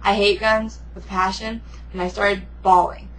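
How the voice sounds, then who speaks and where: A woman's voice: mid-range voice, little pitch movement, unhurried, a bit bright, slight background noise, low-quality recording. A teenage girl telling a story in giggly casual chat, jumping in to finish her friend's sentences.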